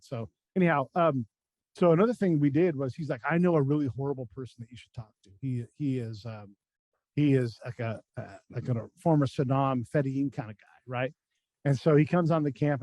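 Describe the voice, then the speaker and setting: A man's voice: medium pitch, darkish tone, no room sound. An American man, a former army combat spy, telling war stories as a podcast guest in a blunt, profane, casual way and acting out the lines of the people in them. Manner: blunt, profane, acts out quoted dialogue in his stories. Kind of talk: casual storytelling chat.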